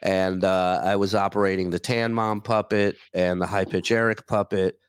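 A man's voice: low voice, fairly even intonation, normal speed, clear, resonant tone, no room sound, clean studio sound. A man chatting as a guest on a video call, easygoing and talkative, swearing casually. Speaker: guest, former radio show staffer. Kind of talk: casual chat.

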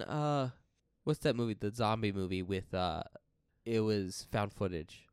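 A man co-hosting a horror film podcast, talking in a measured, explanatory way and steering the segments. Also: lowish voice, expressive, darkish tone, clean tone, no room sound, studio quality. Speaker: podcast co-host. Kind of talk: casual chat.

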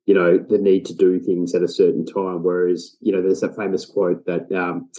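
A man hosting a podcast interview, speaking thoughtfully and in a measured way. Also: low-pitched, level tone, mellow, highs cut off. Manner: thoughtful, measured, with frequent fillers. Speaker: podcast host.

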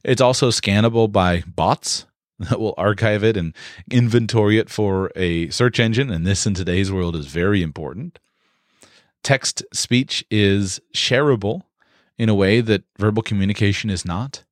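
Low-voiced man giving a measured lesson. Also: dry recording, clean studio sound. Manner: measured, explanatory, with occasional fillers. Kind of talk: instructional talk.

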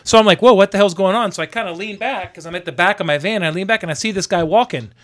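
A man telling a story about his workday in casual chat, animated and acting out the people he met. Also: high voice, fast, no echo. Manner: animated, acts out angry shouting in quotes.

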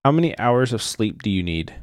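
A young man with a lowish voice hosts a relaxed podcast chat, firing off quick questions in a loose, mumbly way with casual swearing. the recording is close and dry, with no room sound behind him. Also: no room sound. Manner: laid-back, swears casually, mumbled answers. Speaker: podcast host.

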